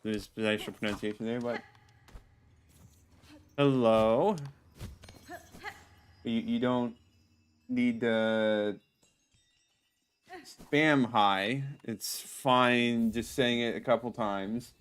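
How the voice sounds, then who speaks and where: A man's voice: mid-range voice, fairly even intonation, very slow, long pauses, slight background noise. Rambling male gameplay streamer. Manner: rambling, self-correcting, chatty with viewers. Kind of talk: casual gameplay commentary.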